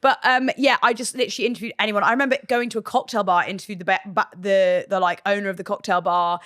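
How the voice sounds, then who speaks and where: A woman's voice: medium pitch, fairly even intonation, fairly bright tone. Chatty woman in her thirties. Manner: chatty, swears freely, quick bursts. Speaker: podcast guest, presenter. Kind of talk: casual chat.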